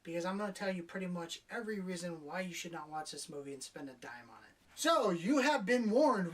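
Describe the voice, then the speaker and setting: A woman's voice: fairly low pitch, animated, brisk, hardly any pauses, recorded from a distance. A young adult woman giving a casual spoiler review of a movie, exasperated and profane, doing mocking impressions of the characters.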